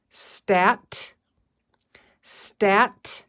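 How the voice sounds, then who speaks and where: A woman teacher leading a phonics lesson, slowly sounding out word parts and encouraging her young listeners. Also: mid-range voice. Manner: encouraging, calls listeners "friends". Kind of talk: guided reading phonics lesson.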